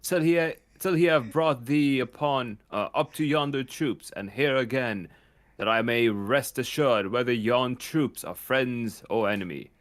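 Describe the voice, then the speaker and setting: A man's voice: mid-range voice, measured pace, close to an everyday voice. A man reading a proud, weary Roman general in a casual Shakespeare read-along, stumbling over the names.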